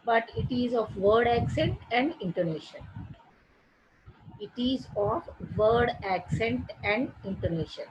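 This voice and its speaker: A woman's voice: medium pitch, background noise. Woman teacher explaining a syllabus. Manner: repetitive, restates points with simple examples. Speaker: college English teacher. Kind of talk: classroom lecture introducing a syllabus.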